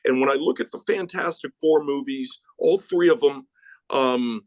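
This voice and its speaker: A man hosting a podcast, ranting in casual chat, swearing freely and jumping up in pitch when worked up. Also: normal speed, no echo, rough recording. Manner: animated, profane ranting with sudden pitch jumps. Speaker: podcast host.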